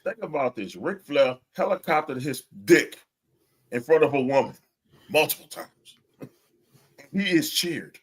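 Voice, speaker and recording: A man's voice: on the high side, expressive, measured pace, pauses often, husky. A man co-hosting a podcast in casual chat, ranting with lots of swearing and frequent laughter. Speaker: podcast co-host.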